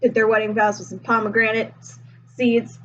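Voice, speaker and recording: A woman's voice: on the high side, flat delivery, a little fast, a little hiss or hum. A young woman casually retelling a myth in a laid-back, slangy way, full of fillers. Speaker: storyteller. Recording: dull lo-fi recording.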